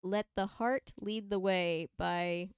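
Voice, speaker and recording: A woman's voice: mid-range voice, fairly even intonation, slow pace, clear, resonant tone, no room sound, clean studio sound. A woman co-hosting a casual chat stream, giggling and reading fan fiction aloud with small stumbles. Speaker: podcast co-host. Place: home room, live stream. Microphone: desk microphone.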